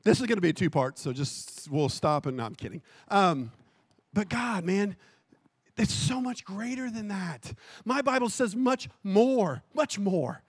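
A man with a high voice preaches a sermon. His delivery is casual and self-correcting, with jokes, but it rises to fervent, shouted passages. The recording is close and dry, with no room sound. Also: lively intonation, a little slow, husky, no room sound. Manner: impassioned preaching that swells to shouting. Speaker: pastor.

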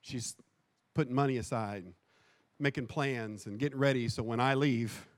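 A man giving a sermon as pastor. He talks casually and corrects himself, then builds to impassioned shouting. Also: mid-range voice, moderate pace, no echo. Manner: impassioned preaching that swells to shouting; conversational and self-correcting, with jokes.

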